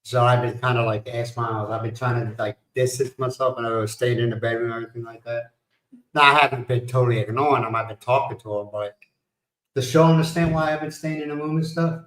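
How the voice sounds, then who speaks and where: A man's voice: medium pitch, fairly even intonation, quick pace, fairly bright tone, roomy sound, rough recording. A middle-aged man hosting a livestream, telling stories in casual chat and laughing at his own punchlines. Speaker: livestream host.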